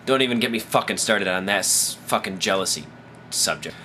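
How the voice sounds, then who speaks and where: Drunk, bright-voiced rambling male vlogger. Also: lowish voice, fairly quick, a little hiss or hum. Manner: rambling, profane, animated. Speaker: vlogger, host of his own show. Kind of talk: casual advice vlog storytelling.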